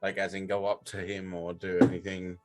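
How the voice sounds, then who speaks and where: A man's voice: deep voice, completely flat delivery, a little fast, faint music behind. A man player in a tabletop game, describing his character in an easygoing way. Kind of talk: casual tabletop play.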